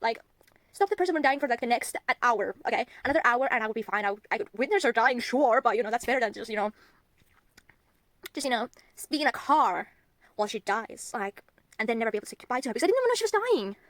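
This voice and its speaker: A woman's voice: fairly high pitch, expressive, fast talker, fairly bright tone, dry recording. A young woman rambling casually in a phone-recorded vlog, swearing often. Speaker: vlogger.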